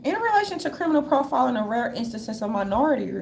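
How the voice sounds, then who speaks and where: A woman in a casual monologue, reading from notes in a sassy manner and calling listeners darlings, with a gravelly voice. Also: a little high, big pitch swings, fast, few pauses, darkish tone, slight background noise.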